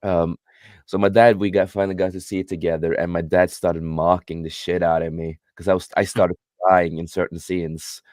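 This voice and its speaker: A man's voice: low voice, flat delivery, moderate pace, darkish tone, no echo, clean studio sound. A young man co-hosting a casual anime chat on a livestream, rambling with lots of fillers and casual swearing. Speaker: livestream co-host.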